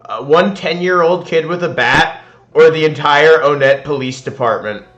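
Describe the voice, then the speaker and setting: A man doing casual gameplay commentary, playful and laughing, with halting restarts. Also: fairly high pitch, a bit bright, roomy sound, dull audio, soft background music. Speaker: co-host playing a game.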